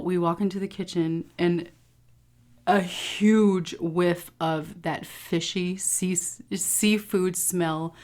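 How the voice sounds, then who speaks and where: A tired woman talking candidly to her viewers in a casual home food vlog, swearing freely and often saying "you guys". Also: on the low side. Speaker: food vlogger.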